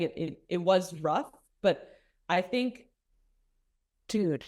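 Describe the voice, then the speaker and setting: A woman's voice: fairly low pitch, expressive, slow pace, pauses often, darkish tone. A young woman being interviewed as a runner-up contestant, rambling with many fillers and teasing her partner. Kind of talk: casual interview chat.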